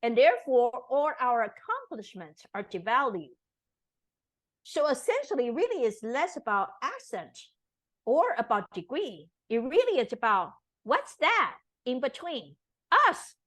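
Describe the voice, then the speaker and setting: A woman from Taiwan talks in an interview at an unhurried pace. Her voice sits a little high and moves widely up and down. She presses her points with emphasis and keeps asking "right?". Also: big pitch swings, a bit bright, poor audio. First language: Taiwanese Mandarin. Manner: earnest, emphatic, with many tag questions. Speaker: interview guest. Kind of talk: conversational interview.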